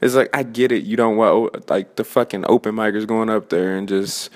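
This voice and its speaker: Lower-voiced man in his twenties. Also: fairly even intonation, normal speed. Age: 20s. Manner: profane, rambling, restarts mid-sentence. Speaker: open-mic comedian. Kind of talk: casual rant.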